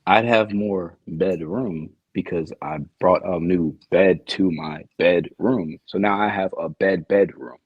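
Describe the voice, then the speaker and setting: A man who is a podcast guest in casual chat, joking with deadpan exaggeration. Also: low-pitched, takes it slowly, hardly any pauses, slightly rough, no echo, highs cut off.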